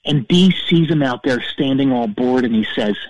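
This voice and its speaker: An actor playing a petty, self-righteous middle-aged rock-fan caller who rambles and stammers through a comedic call-in story. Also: male voice, mid-range voice, lively intonation, normal speed, no echo, close to an everyday voice, low-quality recording. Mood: storytelling.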